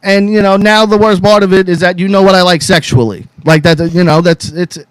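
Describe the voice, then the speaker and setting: A man's voice: sits high, fairly even intonation, fairly quick, clear, resonant tone, no echo, poor audio. A man hosting a podcast, ranting angrily and swearing constantly, all worked up. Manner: profane, angry and fired up; calls out to co-hosts by name. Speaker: podcast host. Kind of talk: heated podcast rant.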